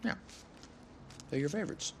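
An actor playing a lost young man who has lost his job, talking in a halting, hesitant way, outdoors by a lake. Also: a bit bright, close to an everyday voice. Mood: teasing. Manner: halting, hesitant, full of restarts. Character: lost young man, jobless, wry and tearful. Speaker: film character. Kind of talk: naturalistic film acting.

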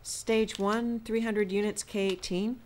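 A woman's voice: mid-range voice, fairly even intonation, slow pace, a little mellow, lightly acted. A woman voicing an eager, inquisitive researcher who keeps pressing for answers.

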